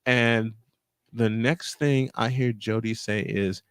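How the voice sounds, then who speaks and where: A man from Chicago hosting a casual podcast chat and telling animated stories. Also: medium pitch, takes it slowly, smooth, dry recording. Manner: animated storyteller. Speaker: show host.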